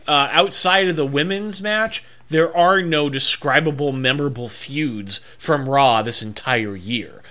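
A man's voice: fairly high pitch, unhurried, few pauses, pushed and bright. A man co-hosting a casual chat, giving strong opinions and thinking aloud with frequent ums. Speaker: podcast co-host.

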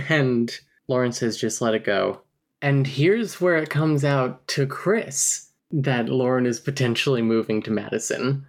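A man's voice: medium pitch, unhurried. A man co-hosting a casual podcast, recapping a novel with wry humor and reading quotes aloud. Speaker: podcast co-host. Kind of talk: casual book recap chat.

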